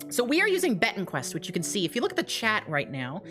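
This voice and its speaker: Over music, a breathless young woman live streams an excited, rushed walkthrough of her game mode, with laughs slipping in between phrases. Her voice has a medium pitch.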